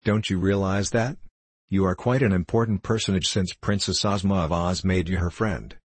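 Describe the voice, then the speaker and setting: A man's voice: low-pitched, steady tone, normal speed, breathy edge, no room sound. A man voicing a courtly, gracious male fox king in an audiobook reading.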